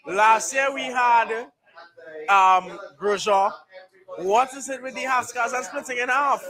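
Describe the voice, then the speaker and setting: A man hosting a live race watchalong, excitable and breaking into shouted mock commentary. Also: extremely high pitch, slow pace. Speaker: livestream host. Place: bar and grill. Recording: noisy bar crowd behind.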